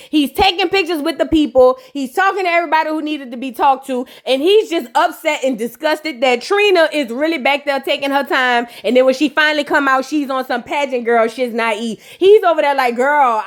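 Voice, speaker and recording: Sassy high-voiced woman recapping TV. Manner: sassy, chatty, acts out quoted people. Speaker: reality TV recap host. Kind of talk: casual comedic recap commentary.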